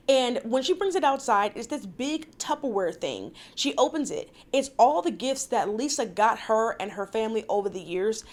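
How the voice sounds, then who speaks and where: Young woman, slightly high pitch, casual vlog recapper with blunt, exasperated opinions. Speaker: reality TV recap vlogger.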